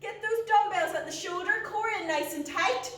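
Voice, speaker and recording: A woman talking through a workout as a fitness instructor, giving brisk, short coaching cues. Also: very high voice, fairly bright tone. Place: indoor gym. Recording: echoey gym, mic at a distance.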